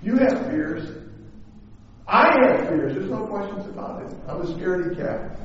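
High-voiced preacher in an echoing hall. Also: male voice. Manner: animated storytelling, scripture quoted in slow emphatic bursts. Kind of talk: sermon. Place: church sanctuary. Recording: echoey hall, dull lo-fi sound.

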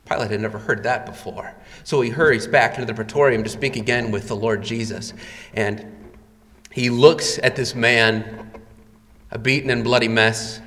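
A man's voice: medium pitch, normal speed, a bit bright. A man preaching a sermon, retelling scenes dramatically and rising in volume for quoted cries. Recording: long reverb of a hall.

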